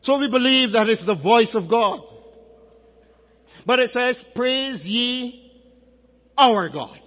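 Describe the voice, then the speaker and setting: A man preaching an expository sermon, measured and emphatic, drawing out key phrases as he reads and explains scripture. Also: extremely high pitch, fairly bright tone. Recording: long reverberant hall.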